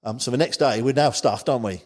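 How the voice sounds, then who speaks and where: A quick-paced, darkish, medium-pitched male voice belongs to a podcast guest from England's Isle of Wight. His long story comes out as casual, rambling chat loaded with "you know" asides.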